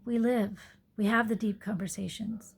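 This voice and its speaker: A woman's voice: mid-range voice, fairly even intonation, normal speed, vocal fry, breathy edge. A woman yoga teacher talking earnestly into her phone in a reflective personal monologue, sometimes dropping to a whisper. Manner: earnest, soft-spoken, drops to whispered asides.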